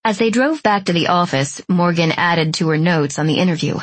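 A woman narrating a novel in an even, measured way. Her voice is low and husky. The recording is dry and close, with no room sound. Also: no room sound. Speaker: audiobook narrator. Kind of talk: scripted narration.

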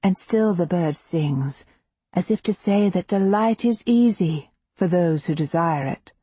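A woman narrating a historical novel in the first person, in a measured, intimate and emotionally expressive reading. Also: on the low side, breathy edge, no room sound. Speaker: audiobook narrator.

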